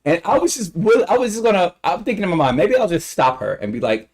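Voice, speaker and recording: A young man telling a story to his live chat, animated and quick to curse. His voice sits a touch higher than most men's. He laughs easily as he goes. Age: young adult. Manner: animated, swears freely, laughs often. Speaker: live streamer.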